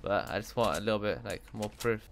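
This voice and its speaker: Fast-talking young man on a headset. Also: fairly low pitch, creaky, fairly bright tone, slight background noise. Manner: fast-talking, mock-naive, teasing. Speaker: YouTuber trolling a hired player. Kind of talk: casual gaming banter. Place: home bedroom.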